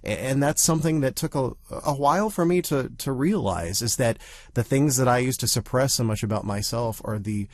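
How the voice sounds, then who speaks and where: A man who grew up in the Southern United States, talking as a podcast co-host in a casual chat, animated and full of restarts. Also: medium pitch, moderate pace, dry recording.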